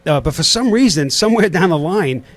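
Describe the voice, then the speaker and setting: A middle-aged man with a New York accent hosts a casual studio interview. His voice sits a bit high for a man, and he rambles through fillers and false starts as he talks. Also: expressive, fairly quick, no echo. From Queens, New York. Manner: rambling, many fillers and restarts. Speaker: podcast host.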